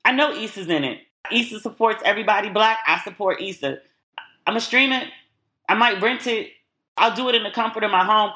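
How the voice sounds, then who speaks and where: A woman's voice: medium pitch, animated, a little fast, bright, forceful tone. A woman hosting a podcast in a casual solo chat, frank and opinionated as she talks. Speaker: podcast host.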